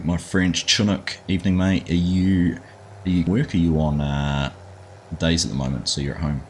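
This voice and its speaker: A middle-aged Australian man with a bass voice hosts a live gaming stream, chatting casually, greeting viewers by name and often calling them mate. There's slight background noise.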